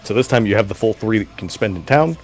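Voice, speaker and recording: A man running a tabletop game as game master, laid-back, laughing often and slipping into quick character voices. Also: on the low side, animated, faint music behind.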